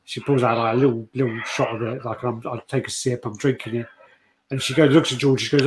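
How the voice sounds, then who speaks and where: A man's voice: mid-range voice, steady tone, fast, slight background noise. A man casually telling an anecdote, swearing freely and acting out the voices of the people in it. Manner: swears often, acts out quoted voices. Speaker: show co-host. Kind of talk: casual storytelling chat.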